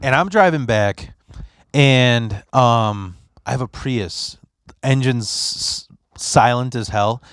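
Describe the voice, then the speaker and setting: A man in his late thirties hosting a podcast, telling stories in a casual, profane, animated way and leaping into loud voices for the people he quotes. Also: mid-range voice, slow, smooth, no room sound, studio quality. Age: 30s. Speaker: podcast host. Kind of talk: casual storytelling chat.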